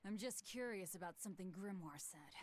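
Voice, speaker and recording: A woman's voice: lowish voice, lively intonation, brisk, a little mellow, close to an everyday voice. An actress playing a fierce, bitter young woman in a video game, speaking bluntly and hard. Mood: curt.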